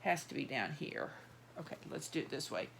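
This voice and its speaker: A woman's voice: a bass voice, very animated, moderate pace, creaky, a bit bright, a little hiss or hum. A middle-aged woman, chatting in a rambling, casual way, full of fillers and restarts, while she handles dolls. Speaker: doll collector vlogger.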